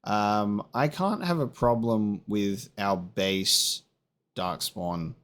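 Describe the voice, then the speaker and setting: A man's voice: lowish voice, takes it slowly, a bit bright. Chatty man musing over gameplay. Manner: chatty, rambling, musing aloud with fillers. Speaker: gameplay commentator. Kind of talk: casual let's play commentary.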